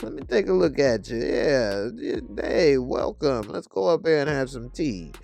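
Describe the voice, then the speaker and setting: A man voicing an older male religious minister who speaks in a slow, measured, preaching way. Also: medium pitch, big pitch swings, gravelly, darkish tone, pitched above the performer's own voice.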